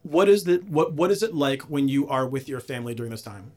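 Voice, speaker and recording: A man's voice: mid-range voice, expressive, fast, a little mellow. A man hosting a casual conversation, chatty and self-deprecating, with frequent fillers and restarts. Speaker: podcast host and teacher. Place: in the Gulf region.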